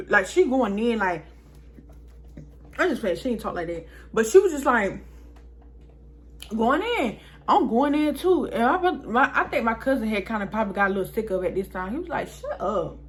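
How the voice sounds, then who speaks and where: A young woman vlogger telling a story in a casual, chatty way, talking straight to her viewers. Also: medium pitch.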